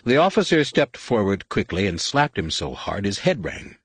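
Lively, low-voiced male audiobook narrator. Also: moderate pace, slightly rough, dry recording. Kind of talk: scripted narration.

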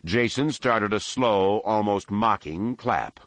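A man reading a novel as narrator, in steady, even storytelling. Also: lowish voice, slow pace, dry recording. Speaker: audiobook narrator. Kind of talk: scripted narration.

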